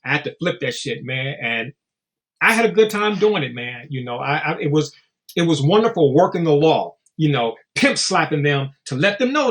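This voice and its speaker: A man's voice: on the high side, big pitch swings, normal speed, fairly bright tone. A man speaking as a guest in a casual interview, blunt and profane, telling stories and acting out quotes. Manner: storytelling with acted-out quotes.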